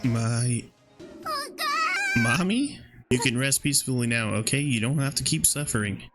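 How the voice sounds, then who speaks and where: A man's voice: mid-range voice, quick pace, loud music behind the voice. A man playing a horror game and reading its dialogue aloud, with casual, slangy reactions in between. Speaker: gaming video creator.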